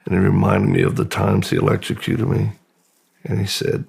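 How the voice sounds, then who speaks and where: A middle-aged man telling a personal story as a podcast guest, slow and halting, with pauses and restarts. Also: lowish voice, flat delivery, darkish tone. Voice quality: gravelly, husky. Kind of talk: personal testimony in a long-form interview.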